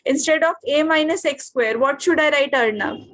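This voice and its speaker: A high-pitched woman with an Indian English accent teaches a physics class over a video call. She keeps stopping to ask her students what comes next and whether it is clear. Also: moderate pace. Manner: questioning, checks understanding often.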